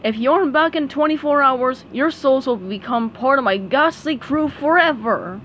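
A woman putting on a booming ghost pirate captain. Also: normal speed, fairly bright tone, slight background noise. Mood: bargaining.

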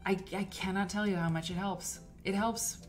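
A woman's voice: mid-range voice, steady tone, normal speed, faint music behind. Gushing chatty woman hosting a live stream. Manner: rambling with many fillers and restarts. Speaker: host of a live quilting stream. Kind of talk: casual live-stream chat. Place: home studio. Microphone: desk mic for a live stream.

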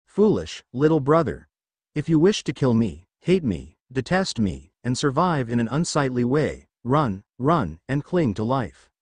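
A man voicing a cold, sneering older-brother ninja in a story reading, speaking lower and quieter than his narration. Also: big pitch swings, unhurried, husky, no echo.

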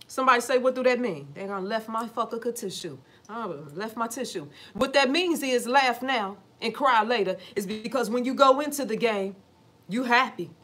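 Animated, cussing woman talking to camera. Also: a little high, normal speed. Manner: animated, profane, preachy, full of rhetorical questions. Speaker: vlogger. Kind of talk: casual talk to camera.

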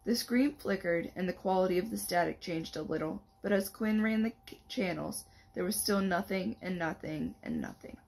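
A woman on a library's staff reading the first chapter of a young adult novel aloud in a steady storytelling manner. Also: lowish voice, moderate pace, creaky, hardly any pauses.

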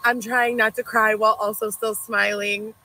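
A woman's voice: medium pitch, level tone, normal speed, pushed and bright, low-quality recording. A young pregnant woman rambling effusively in an emotional thank-you video. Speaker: streamer filmed in a played clip.

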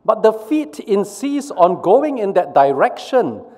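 A man's voice: high voice, sing-song, unhurried, darkish tone, big-room sound, pitched above the performer's own voice, exaggerated voice. A man voicing a body's eyes, protesting plaintively that they see but cannot steer.

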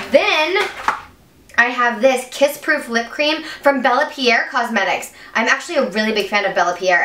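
Gushing woman beauty vlogger, bright voice. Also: on the high side. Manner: gushing, gasping, breathless enthusiasm. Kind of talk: excited unboxing chat. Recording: echoey room, mic at a distance, faint hiss.

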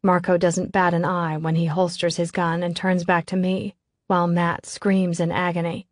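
A woman's voice: fairly low pitch, little pitch movement, normal speed, no room sound, clean studio sound. A woman reading a novel aloud in scripted first-person narration, in a tense, controlled way. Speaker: audiobook narrator.

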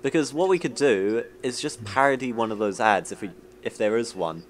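A man's voice: medium pitch, normal speed, a little hiss or hum. A young man from New Zealand, hosting a casual group chat and rambling jokily through ideas. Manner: rambling, jokey, animated when acting out ads. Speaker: vlog host.

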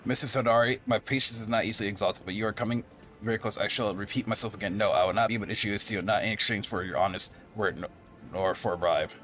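A man's voice: lowish voice, fairly even intonation, fast talker, a bit bright, faint music behind, lightly acted. A man reading as a haughty stern chancellor. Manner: stiff formal reading.

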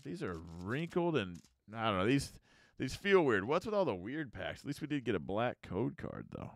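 An American man hosts a casual card-opening video on YouTube, chatting and muttering card names as he tears into packs. His mid-range voice is gravelly and very animated, at a moderate pace, with no room sound.

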